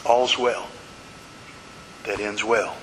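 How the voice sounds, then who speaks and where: Bright-voiced preacher in a reverberant hall. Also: male voice, on the low side, level tone, drawn-out words. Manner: dramatic storytelling with repeated refrains. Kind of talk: sermon. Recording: reverberant hall with faint hiss.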